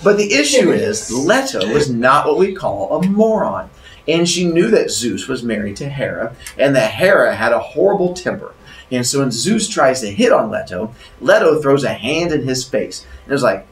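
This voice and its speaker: A man's voice: mid-range voice, big pitch swings, normal speed. A man retelling a myth as a teacher, in a playful, jokey way. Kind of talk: animated storytelling lesson. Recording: roomy, distant mic.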